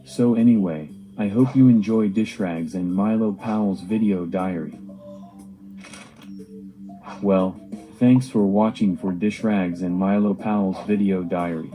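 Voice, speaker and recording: A man's voice: low-pitched, measured pace, dark tone, faint music behind, low-quality recording. A man narrating a homemade cartoon video diary with simple, earnest storytelling.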